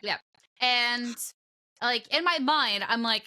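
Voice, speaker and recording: A young woman co-hosting a podcast, telling a long story in lively, casual chat, laughing often as she goes. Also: fairly high pitch, takes it slowly, clean tone. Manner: animated storytelling with frequent laughter. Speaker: podcast co-host and broadcast commentator.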